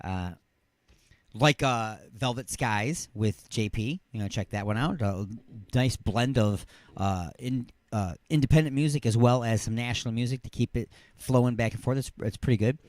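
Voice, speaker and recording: A man hosting a live radio talk show, plugging his station in a loose, rambling way with playful jokes, swinging from loud hype to mumbled asides. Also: mid-range voice, normal speed, no echo. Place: radio studio.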